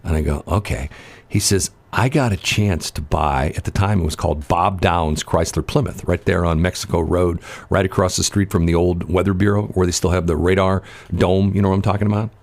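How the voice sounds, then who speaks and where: St guy on morning radio, really low voice, rambles through stories and laughs a lot. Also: steady tone, brisk, darkish tone. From St. Louis area, Missouri. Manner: rambling storyteller, laughs often. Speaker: radio show host. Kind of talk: casual morning radio chat.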